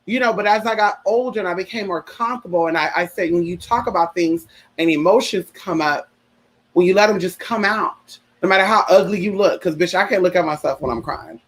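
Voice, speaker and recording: Guy with a high voice just chatting on his stream, sassy, lots of honey and girl, gets real earnest about loss. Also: brisk, fairly bright tone, low-quality recording. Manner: earnest, heartfelt when talking about grief. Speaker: livestream host. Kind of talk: casual livestream chat.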